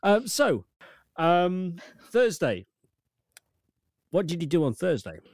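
A man's voice: high voice, very animated, takes it slowly, a little mellow, dry recording, studio quality. A man chatting casually as a podcast co-host, telling stories with self-deprecating asides. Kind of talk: casual chat.

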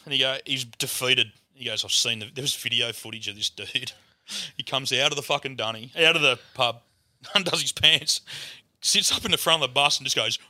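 A young Australian man, a guest comedian, telling a loud, animated story full of swearing and acted-out voices. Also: medium pitch, brisk.

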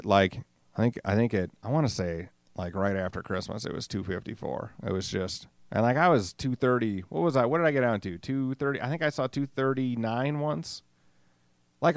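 With a mid-range, clean-toned voice in a dry recording with clean studio sound, a middle-aged man runs a solo podcast. He rambles in a casual, profane, self-deprecating way.

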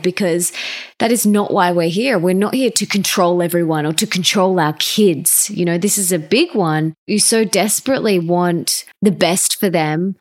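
A woman hosting a podcast interview, talking warmly and enthusiastically. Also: fairly low pitch. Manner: enthusiastic, gushing with gratitude. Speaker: podcast host. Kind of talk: casual interview chat.

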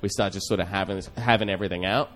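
A man's voice: sits low, steady tone, racing, fairly bright tone. A man, a comedian hosting a podcast who tells a story in a rambling, self-deprecating way with lots of fillers. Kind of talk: casual storytelling.

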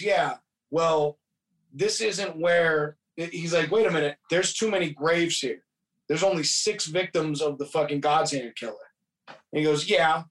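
A man's voice: a little high, a bit bright, distant mic. A man casually retelling a movie plot, profane and rambling, quoting characters as he goes. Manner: profane, rambling storytelling with quoted voices. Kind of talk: casual movie recap chat.

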